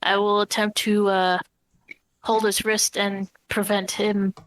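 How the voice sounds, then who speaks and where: A woman's voice: medium pitch, flat delivery, slow pace, dry recording, rough recording. A woman playing a tabletop game who speaks firmly and directly in character. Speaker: player. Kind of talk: casual tabletop roleplay.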